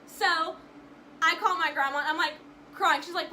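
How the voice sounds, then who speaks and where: A woman's voice: very high-pitched, steady tone, moderate pace, sharp tone, slight background noise, poor audio. A young woman vlogger telling a personal story to camera in an emotional, rambling way, with frequent restarts.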